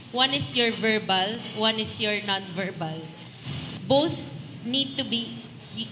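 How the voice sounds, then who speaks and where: A woman on a panel explaining a topic in a structured way. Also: on the high side. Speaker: panel speaker. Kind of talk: panel discussion answer. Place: large event hall. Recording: clear noise behind.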